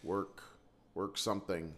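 A man's voice: low voice, level tone, crowd noise. Rambling man in casual chat. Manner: rambling, halting, with many restarts.

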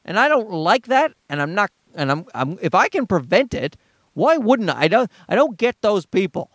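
A man's voice: high voice, big pitch swings, moderate pace, fairly bright tone, no room sound, clean studio sound. A father ranting heatedly and profanely about other parents' advice, talking from inside his car. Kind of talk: ranting monologue.

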